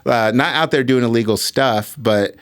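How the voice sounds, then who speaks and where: A middle-aged man as a guest on a podcast, talking in a reflective way with frequent uh and um pauses. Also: medium pitch, clean tone. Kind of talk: casual chat.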